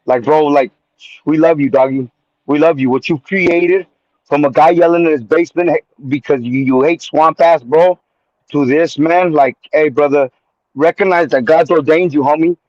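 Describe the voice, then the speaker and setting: A man calling in to a live show, telling an excited story in slangy, animated chat and calling the host man and homie. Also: on the high side, normal speed, dry recording. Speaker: caller. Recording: muffled phone-line call.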